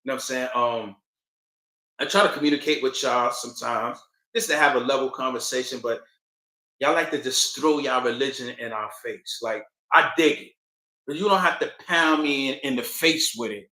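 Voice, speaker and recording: A man's voice: mid-range voice, moderate pace, bright, forceful tone, roomy sound, poor audio. A man talking casually and rambling straight to his viewers on a livestream. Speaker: livestream host.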